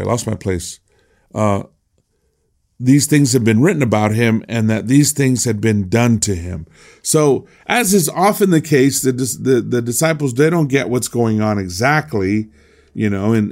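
A man's voice: mid-range voice, darkish tone. A man teaching a devotional Bible class in a conversational way, often restarting his sentences and reading scripture aloud.

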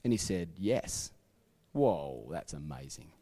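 A man's voice: extremely low pitch, very animated, takes it slowly, warm tone. Australian man preaching in a reverberant hall. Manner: chatty storytelling with asides and self-corrections. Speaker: pastor. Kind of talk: sermon. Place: church sanctuary.

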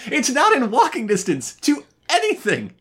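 A woman's voice: sits high, huge pitch swings, moderate pace, a little hiss or hum. A woman co-hosting a casual recap chat, wry and profane, laughing often. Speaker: podcast co-host.

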